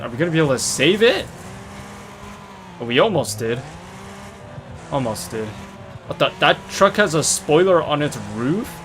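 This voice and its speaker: A man giving rambling, excitable commentary while he plays a game, often saying "dude", on a desk mic near a noisy computer. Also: medium pitch. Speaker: gamer. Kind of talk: casual gameplay commentary. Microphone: desktop mic near a noisy computer. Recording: loud racing game sounds behind voice.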